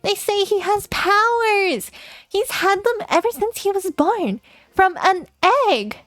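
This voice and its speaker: A squeaky cutesy schoolgirl. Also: animated, slow pace, a bit bright, dry recording, soft background music, heavily acted. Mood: gossipy. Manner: cutesy uwu voice. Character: sweet bubbly schoolgirl best friend.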